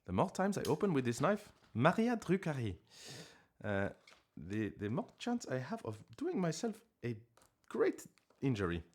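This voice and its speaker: A man chatting casually on a live stream from his living room, rambling and joking at himself with sudden loud outbursts. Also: mid-range voice, wildly swooping pitch, moderate pace.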